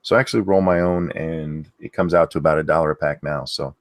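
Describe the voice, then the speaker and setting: Deep-voiced, laid-back man. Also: steady tone, fast, no echo, clean studio sound. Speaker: streamer co-host. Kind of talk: casual chat.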